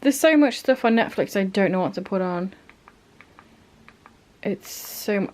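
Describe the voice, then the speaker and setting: A woman's voice: mid-range voice, expressive, measured pace, pauses often, a little mellow, a little hiss or hum. A young woman chatting casually at home for her vlog, with dry, self-mocking humour. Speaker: vlogger. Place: at home, indoors.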